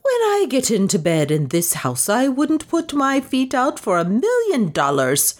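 Woman playing a shrill flustered old maid. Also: wildly swooping pitch, takes it slowly, full character voice. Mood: flustered indignant. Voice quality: high, shrill exclamations. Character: flustered middle-aged maid, nervous and indignant.

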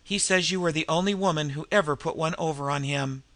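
A man voicing a gallant male adventurer who speaks softly and gently. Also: on the high side, brisk, dry recording, close to an everyday voice. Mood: gentle. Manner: soft, gentle.

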